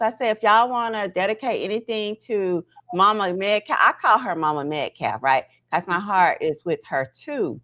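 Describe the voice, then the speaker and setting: A woman's voice: medium pitch, normal speed, hardly any pauses. Chatty woman hosting a livestream. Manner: animated, talks to chat viewers directly; frequent "right?" and "okay?" tags. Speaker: livestream host. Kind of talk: casual livestream chat.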